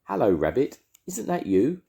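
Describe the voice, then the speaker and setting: An older man voicing a gentle, simple-minded, greedy male bear in a storybook, innocent and earnest. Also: mid-range voice, wildly swooping pitch, moderate pace, creaky, pitched above the performer's own voice.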